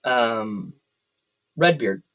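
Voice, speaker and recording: A man's voice: lively intonation, very slow, fairly bright tone, muffled recording. A man co-hosting a podcast from a room at home, rambling and joking with frequent laughs in casual chat. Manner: rambling, jokey, laughs often, drops into a deep voice for stories. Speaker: podcast co-host.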